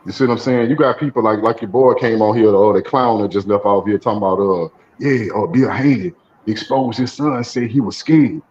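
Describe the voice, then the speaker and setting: A man's voice: fairly low pitch, brisk, darkish tone. A man calling in to a boxing talk show, emphatic and argumentative in a casual chat. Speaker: caller. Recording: dull online call audio.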